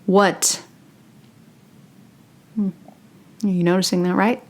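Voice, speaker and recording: Young female spiritual host, low-ish voice, casual and playful, whispered asides. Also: measured pace. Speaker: spiritual channeler and meditation host. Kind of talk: casual channeling talk to camera.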